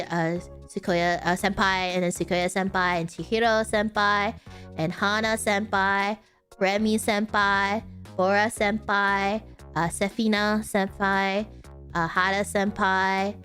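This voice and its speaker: A woman's voice: mid-range voice, a bit bright. A woman streamer in casual chat who rambles, giggles and keeps correcting herself mid-sentence.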